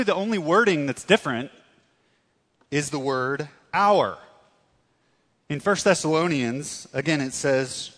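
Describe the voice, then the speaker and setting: A man delivers a sermon at an unhurried, deliberate pace. He preaches earnestly, pressing on key words, then sinking into soft, quiet tones. His voice trails into the long reverb of a large hall. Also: fairly high pitch. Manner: earnest, emphatic preaching with dramatic pauses and drops to soft tones. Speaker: pastor.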